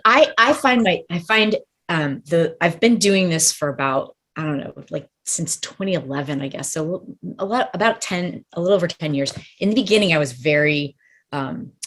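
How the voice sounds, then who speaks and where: Low-voiced woman dog trainer. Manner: thoughtful, rambling, hedging. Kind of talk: casual interview chat.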